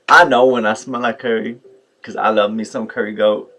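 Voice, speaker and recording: Man telling a story low voice, chatty vlogger. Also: moderate pace. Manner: animated, mimics others in quotes, many fillers like "like" and "yo". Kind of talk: casual storytelling rant.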